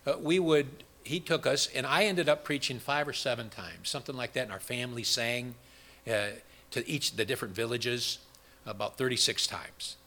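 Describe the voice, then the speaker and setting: A man's voice: mid-range voice, moderate pace, bright, forceful tone. A man preaching an interactive Bible study sermon, rambling with restarts and quizzing his congregation with questions.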